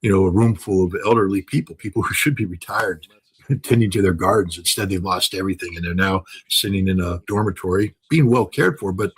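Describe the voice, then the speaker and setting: Older man, interview guest, husky low voice, emphatic, repetitive. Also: a little fast, poor audio. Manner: emphatic, repeats phrases for stress, fillers and restarts. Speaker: interview guest, military commentator. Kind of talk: unscripted interview talk.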